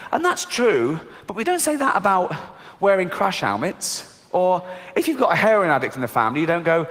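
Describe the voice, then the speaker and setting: A man's voice: sits high, very animated, a little fast, fairly bright tone. A middle-aged man from Britain performing a mocking, sardonic stand-up routine on a theater stage, swearing freely. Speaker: stand-up comedian. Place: theater stage before a laughing audience. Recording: long hall reverb, faint noise.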